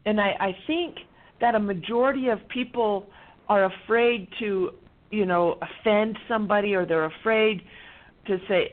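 A woman's voice: medium pitch, measured pace. Middle-aged woman on a radio interview, earnest, acts out quotes, tinny phone sound. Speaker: guest.

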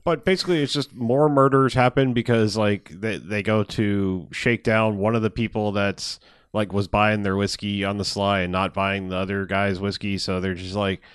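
Laid-back low-voiced guy riffing on a movie. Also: steady tone, normal speed, smooth, no echo, clean studio sound. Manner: loose, profane, laughing retellings of scenes. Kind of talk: casual movie review chat.

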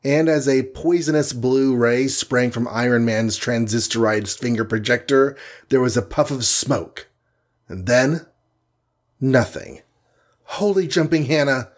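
A man's voice: mid-range voice, a little slow. A man narrating an adventure story aloud in a dramatic read-aloud manner.

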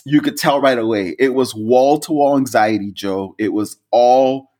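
Animated, swearing male podcast host. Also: a little slow. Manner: animated storyteller, swears freely, jumps to high laughing peaks. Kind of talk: casual podcast chat.

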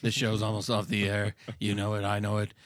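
A man's voice: lowish voice, monotone, a little fast, no room sound, clean studio sound. A man co-hosting a podcast, joking around and riffing absurd mock-ad bits. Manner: jokey, riffs absurd bits. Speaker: podcast co-host. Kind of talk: casual comedic chat.

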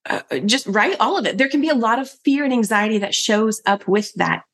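A woman confidence coach speaking as a podcast guest, calm, encouraging and affirming. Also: on the high side, brisk. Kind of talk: casual conversation.

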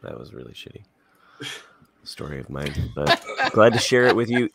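Brief: deep gravelly man, animated delivery, dry close sound. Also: normal speed, background noise. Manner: rambling, laughs easily. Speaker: podcast co-host. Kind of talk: casual chat.

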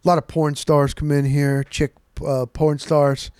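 A man hosting a podcast, telling a long casual story and acting out the people in it with lively shifts in voice. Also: a little high, a little slow, smooth, no room sound, clean studio sound. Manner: animated, acts out quoted voices. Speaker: podcast host.

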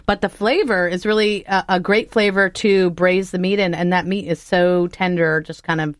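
Female talk show host, keen wine lover, chatty and warm in tone, dry studio sound. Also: fairly low pitch, fairly even intonation, normal speed, no room sound. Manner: enthusiastic, chatty, laughs often. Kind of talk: casual interview chat.

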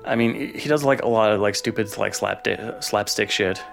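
A man with a low, gravelly voice delivers a vitriolic, profane rant in a monologue he recorded alone. Music plays clearly underneath him the whole time. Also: moderate pace, a bit bright. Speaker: contributor sending a recorded rant.

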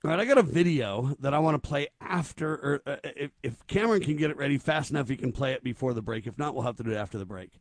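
A man's voice: mid-range voice, expressive, fast, hardly any pauses, no echo. A man hosting a talk show, chatting casually and joking as he puts questions to his co-hosts.

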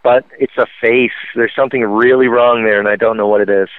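A man's voice: mid-range voice, fairly even intonation, fairly quick, no echo. A man from Quebec co-hosting a casual gaming podcast, telling stories in a rambling way with lots of fillers. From Quebec, Canada. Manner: rambling, filler-heavy storytelling. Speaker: podcast co-host. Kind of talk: casual chat. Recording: tinny phone-like line.

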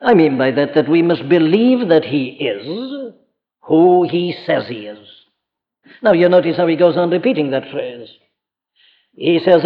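Male preacher, earnest and emphatic, fairly high voice, long hall echo, dull archive sound. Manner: earnest, emphatic, rhetorical questions, acts out quoted voices. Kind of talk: sermon.

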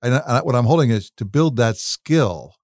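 A man's voice: medium pitch, expressive, moderate pace, a little mellow, no echo. Man, podcast co-host, thoughtful, rephrases questions, dry close sound. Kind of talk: asking interview questions.

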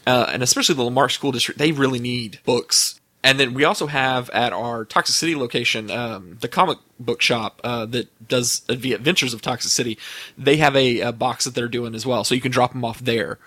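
Man, earnest guest, bright voice, dry recording. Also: mid-range voice, brisk, dry recording. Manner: earnest, explaining, with fillers. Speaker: podcast guest. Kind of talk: casual chat.

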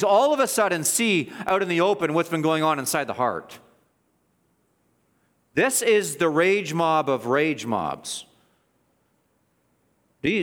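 A man preaching an expository sermon, animated and mocking, with frequent restarts and sarcastic asides. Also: fairly high pitch, big-room sound.

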